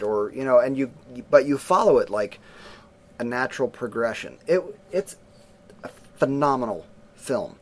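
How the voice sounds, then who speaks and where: A middle-aged man talks loosely and at length about a movie, his pitch sitting mid-range. He slips into acted voices as he retells scenes, keeping a relaxed, conversational flow. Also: normal speed. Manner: animated storyteller, acts out scenes in voices. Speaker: podcast co-host reviewing a film. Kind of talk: casual chat.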